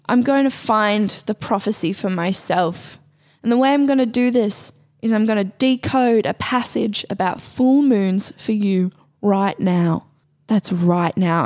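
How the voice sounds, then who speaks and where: A woman's voice: medium pitch, darkish tone. A woman hosting a solo comedy podcast, talking in a playful, rambling, self-mocking way.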